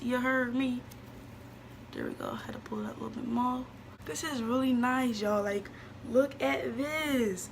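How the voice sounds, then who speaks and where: Excited young woman vlogger, slightly high. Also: vocal fry, slight background noise. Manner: excited, chatty, addresses viewers as y'all. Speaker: beauty vlogger. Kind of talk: casual wig unboxing vlog.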